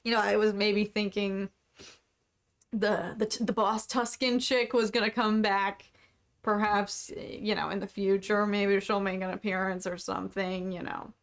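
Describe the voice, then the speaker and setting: A woman's voice: mid-range voice, level tone, measured pace. A young woman hosting a casual livestream podcast, chatting and reading out viewer comments. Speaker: podcast host.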